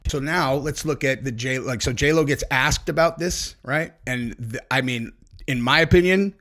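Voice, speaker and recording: A man's voice: mid-range voice, normal speed, fairly bright tone. A man hosting a commentary channel, talking casually and opinionatedly, sometimes mocking people with impressions. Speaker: podcast host.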